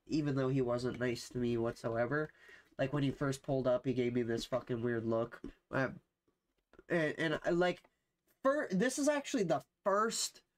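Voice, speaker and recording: Rambling young man streamer. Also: a little high. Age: young adult. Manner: rambling, slangy, swears a lot, many fillers. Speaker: livestreamer. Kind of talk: casual livestream chat.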